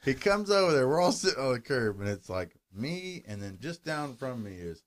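A man's voice: medium pitch, big pitch swings, normal speed. A man co-hosting a casual show, telling a story with lots of swearing and laughter. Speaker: podcast co-host. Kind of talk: rowdy casual chat.

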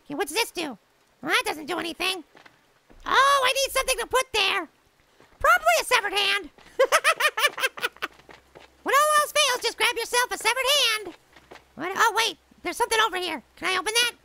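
A woman's voice: very high voice, expressive, normal speed, creaky, long pauses. A woman commentating her gameplay in a bubbly, giggly way, often exclaiming at surprises. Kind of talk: gaming let's play commentary. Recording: noisy home recording.

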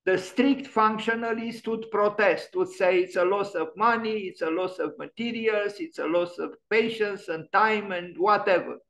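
A man's voice: sits high, moderate pace, few pauses, fairly bright tone, low-quality recording. A man giving an online lecture on architecture, musing and emphatic, often restarting his sentences. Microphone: video call.

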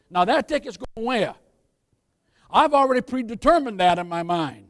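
Pastor, man with a high voice, folksy sermon delivery with wry jokes and questions to the pews. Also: lively intonation, normal speed, fairly bright tone. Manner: folksy preaching, questions to the congregation. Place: church.

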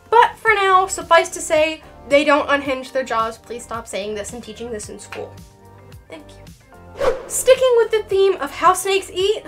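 High-voiced, playful woman. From Canada. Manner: lively, playful and sarcastic, with dramatic emphasis. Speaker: reptile educator and channel host. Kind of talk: educational video explaining science.

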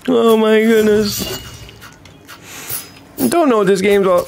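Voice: mid-range voice, lively intonation, drawn-out words, vocal fry, long pauses, slight background noise. A gaming channel host giving playful let's-play commentary, with mock-panicked cries and teasing calls to other players.

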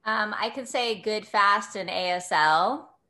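Bright, slow-talking woman on a call. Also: mid-range voice. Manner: plain, explaining step by step. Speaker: congregant. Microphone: video call.

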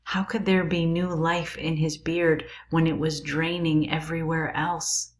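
Female reader, calm and measured; low, flat, unhurried. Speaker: teacher reading aloud. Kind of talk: reading a novel aloud.

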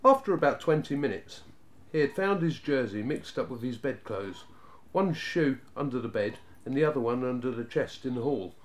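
A man's voice: medium pitch, lively intonation, normal speed. Man reading a storybook steadily. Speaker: narrator.

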